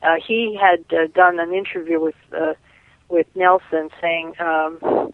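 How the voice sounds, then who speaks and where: A woman's voice: fairly low pitch, fairly even intonation, a little slow, no room sound. Rambling woman on a tinny phone line. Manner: rambling storyteller, many restarts. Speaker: caller and guest. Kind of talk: casual phone interview.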